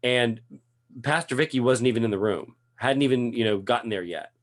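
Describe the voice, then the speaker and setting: A man's voice: medium pitch, brisk. Give me a chatty male podcast host. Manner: animated storytelling, frequent restarts and laughs. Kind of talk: casual chat.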